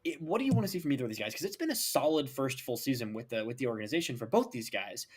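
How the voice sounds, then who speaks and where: A young man co-hosting a casual sports podcast, emphatic and animated, leaning on "like" and "right?". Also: mid-range voice, very fast, slightly rough. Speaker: podcast co-host.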